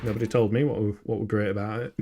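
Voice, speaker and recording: A man's voice: on the low side, little pitch movement, quick pace, mellow, faint music behind. A young man with a Yorkshire accent, chatting casually and swearing now and then while playing a video game live and answering his chat. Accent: Yorkshire English. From England. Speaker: game streamer.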